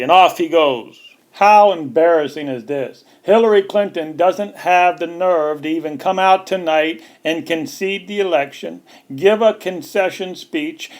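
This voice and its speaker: A man giving a scornful, emphatic political rant over news footage, repeating his points for weight. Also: a little high. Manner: scornful, mocking. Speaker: online political commentator.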